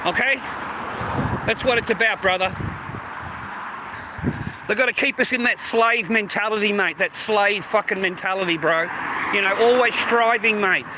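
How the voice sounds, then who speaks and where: A high-voiced Australian man rambles to his viewers, swearing often and dropping mate and bro into every sentence. He is recorded outside by a street, and traffic noise runs clearly under his voice. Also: moderate pace, long pauses. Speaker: streamer. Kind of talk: casual rambling talk to viewers.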